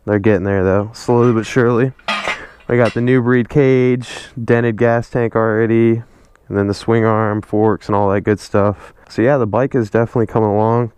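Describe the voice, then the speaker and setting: A man's voice: on the low side, a little mellow, clear, resonant tone, no room sound. A man chatting casually in a slangy, laid-back way as he narrates a vlog from his garage workshop. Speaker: motorcycle vlogger.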